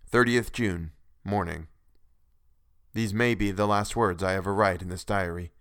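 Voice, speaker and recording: A man's voice: sits low, fairly even intonation, unhurried, a bit bright, clean tone, no echo. A man narrating a classic novel in the first person with earnest, dramatic delivery, recorded on a close microphone.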